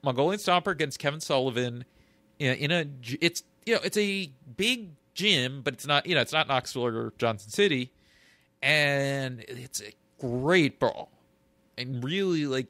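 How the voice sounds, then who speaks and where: A man co-hosting a podcast in casual chat, thoughtful and halting as he recalls details. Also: mid-range voice, expressive, sharp tone, no echo. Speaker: podcast co-host.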